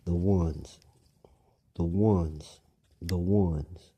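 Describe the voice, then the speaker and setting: Slow, dark-voiced man lecturing. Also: sits low, steady tone, breathy edge. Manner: lecturing, repeats phrases and questions the listener. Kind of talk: rambling monologue.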